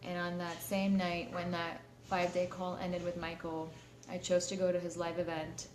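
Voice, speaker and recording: A woman's voice: lowish voice, little pitch movement, moderate pace, a little mellow, slight background noise. A woman hosting a live stream, talking candidly to her viewers, with many fillers and restarts. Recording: echoey room, faint ambience.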